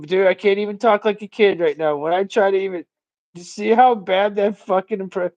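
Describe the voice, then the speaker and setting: A man chatting on a livestream in a loose, rambling way, cursing freely and ranting off the top of his head. His voice sits high for a man, and the sound is very dry and close. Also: steady tone, fairly quick, a little mellow, no room sound, highs cut off. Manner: rambling, profane, ranting storyteller. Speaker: livestream host. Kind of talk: casual livestream chat.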